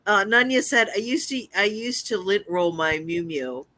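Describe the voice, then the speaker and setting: A woman's voice: mid-range voice, expressive, moderate pace, sharp tone. A woman co-hosting a casual live stream, chatting, explaining things and reading out viewer comments. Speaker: co-host.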